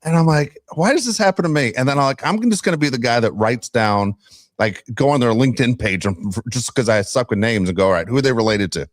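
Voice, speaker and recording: A man's voice: medium pitch, fast, no echo, studio quality. A middle-aged man hosting a casual sports podcast, telling stories and ranting with frequent laughs. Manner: animated storyteller, ranting, laughs often. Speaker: podcast host.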